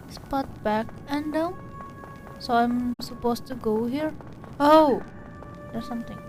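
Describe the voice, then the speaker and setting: A woman's voice: on the high side, darkish tone. A woman streamer giving casual gameplay commentary, jumpy and giggly, easily startled.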